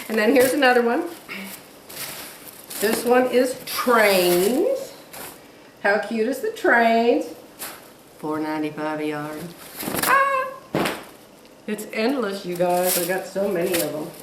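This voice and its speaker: A woman's voice: mid-range voice, a bit bright, roomy sound, distant mic, slight background noise, rough recording. A woman vlogging from home in a chatty, gushing way, laughing often as she talks. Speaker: quilting vlogger. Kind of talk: casual chat to camera. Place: home room.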